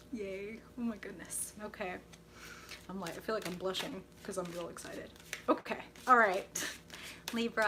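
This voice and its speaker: Bubbly bright-voiced woman tarot reader. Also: medium pitch, a little hiss or hum. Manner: bubbly, gushing, reacts to chat with excited squeals. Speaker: tarot reader hosting a live stream. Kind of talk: live-stream tarot reading and chat.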